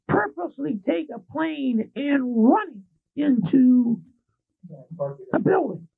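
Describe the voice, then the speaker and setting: A Texan man hosts a public access show in a rambling, profane rant. His voice is very high and lively with heavy gravel. The sound is dry and thin, like a phone line. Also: slow, pauses often, no room sound. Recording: tinny lo-fi public access audio.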